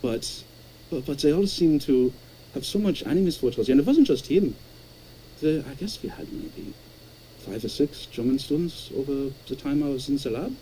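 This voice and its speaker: A man's voice: mid-range voice, moderate pace, slight background noise, poor audio. Stammering man on a call. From Canada. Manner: stammering, repeats words, animated storyteller. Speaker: caller. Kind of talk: casual chat.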